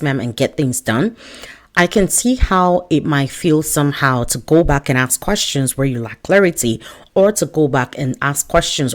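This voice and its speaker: Woman, career coach, advice to camera, chatty, animated, joking asides. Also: low voice. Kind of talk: direct-to-camera advice talk.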